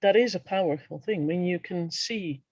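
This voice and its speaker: A woman's voice: on the low side, normal speed, darkish tone, no echo. A woman podcast host and coach, chatting casually and encouraging her guest with short affirmations. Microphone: podcast mic, online call.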